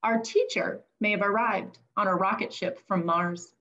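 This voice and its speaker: A woman's voice: medium pitch, fairly even intonation, normal speed, a bit bright. Woman reading a picture book, lo-fi audio. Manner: teacherly read-aloud delivery. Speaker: children's book author; former teacher. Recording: dull lo-fi audio.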